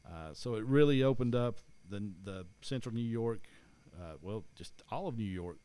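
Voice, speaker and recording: A man's voice: on the low side, expressive, normal speed, warm tone, smooth. A man, chatting casually and rambling with many restarts. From East Tennessee. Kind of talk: casual chat.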